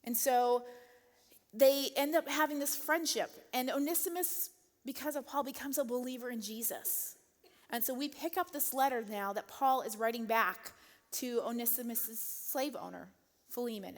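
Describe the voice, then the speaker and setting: A woman giving a casual, chatty sermon, laughing often and filling pauses with "um" and "like". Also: a little high. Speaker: church speaker. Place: church auditorium. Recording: long hall reverb.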